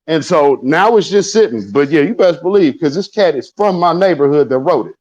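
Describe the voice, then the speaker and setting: A man's voice: fairly high pitch, lively intonation, a little fast, a little mellow. Laid-back male host on lo-fi audio. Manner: laid-back, emphatic, moderating. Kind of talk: casual audio chat. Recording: dull lo-fi audio.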